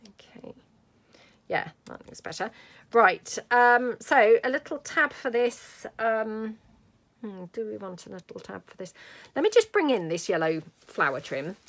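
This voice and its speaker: Middle-aged woman, gravelly, easygoing crafting chatter. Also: mid-range voice, fairly bright tone, a little hiss or hum. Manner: chatty, thinks aloud while working. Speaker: craft vlogger. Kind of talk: casual crafting tutorial chat.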